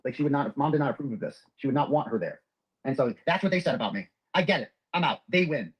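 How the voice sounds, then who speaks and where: Fast-talking husky man. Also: mid-range voice, lively intonation, poor audio. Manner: profane, rambling, emotional retelling. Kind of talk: rapid personal storytelling.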